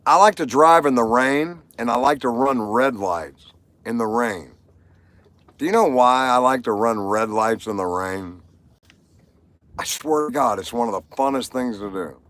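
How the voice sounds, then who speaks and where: A man's voice: mid-range voice, fairly bright tone, no echo. A man hosting a casual livestream, telling rambling stories and jokes to viewers and laughing at his own punchlines. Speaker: livestream host.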